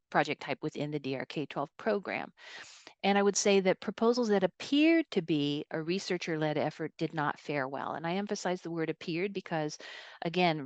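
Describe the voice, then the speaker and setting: Woman program officer on a webinar, low voice, kinda measured with lots of ums, dry sound. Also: no room sound. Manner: measured, thoughtful, with frequent um and uh fillers. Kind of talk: webinar presentation.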